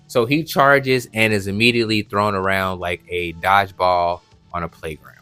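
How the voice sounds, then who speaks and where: A man recapping an anime episode in casual, animated commentary, full of slang and jokes. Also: low-pitched, moderate pace, clear, resonant tone, no room sound, faint music behind. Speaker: anime reviewer.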